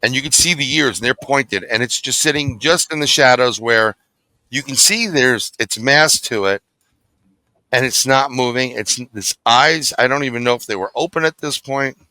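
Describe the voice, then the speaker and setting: A man recounts an encounter as an interview guest, his voice bright and tense, edged with a forceful ring. The recording is close and dry, with no room sound around him. He tells it vividly and bluntly, with an occasional curse. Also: medium pitch, normal speed, dry recording. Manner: vivid, animated storytelling, blunt and profane. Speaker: guest, paranormal investigator. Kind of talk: storytelling in an interview.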